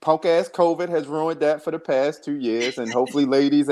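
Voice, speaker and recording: A man's voice: on the high side, fairly quick. Profane, rambling podcast co-host man. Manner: rambling, profane, animated storytelling. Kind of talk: casual chat, storytelling.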